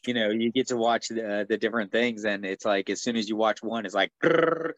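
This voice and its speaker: Low-voiced man on dull, dry audio. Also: level tone, fairly quick, a bit bright, no room sound. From United States. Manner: easygoing, filler-heavy storyteller. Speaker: guest, martial artist and stuntman. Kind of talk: casual interview chat.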